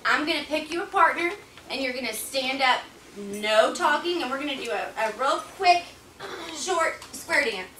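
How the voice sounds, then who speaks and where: A woman's voice: sits high, animated, moderate pace. A woman teacher with a Southern American accent, drilling a class of children with upbeat, encouraging questions. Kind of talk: classroom quiz lesson for children. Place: busy school room full of children. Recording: roomy and distant, loud children and noise.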